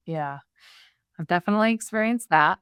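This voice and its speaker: A woman hosts a podcast and talks with a smooth, clear voice in a dry, close recording. She chats with her guest warmly and enthusiastically. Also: fairly low pitch, fairly quick, dry recording. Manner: warm, enthusiastic, laughs easily. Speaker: podcast host. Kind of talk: conversational interview.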